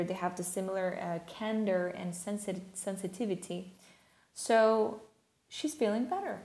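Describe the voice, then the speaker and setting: A woman whose first language is French, talking through her inner child healing in an earnest, gentle, conversational way, with many small fillers. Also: mid-range voice, reverberant. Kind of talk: reflective personal talk.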